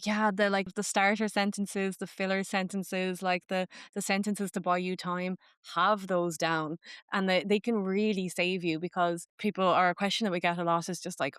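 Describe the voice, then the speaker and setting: A woman's voice: on the low side, level tone, moderate pace, a bit bright, smooth, no echo, clean studio sound. A young woman with an Irish accent hosting a podcast in casual chat, peppering her talk with "like". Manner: chatty, fills speech with "like", slips into Irish phrases. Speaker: podcast host.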